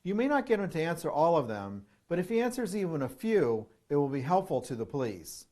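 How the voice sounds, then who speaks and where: A man calmly giving security training, methodically reading through a checklist of questions. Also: a little high, a little fast. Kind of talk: instructional narration.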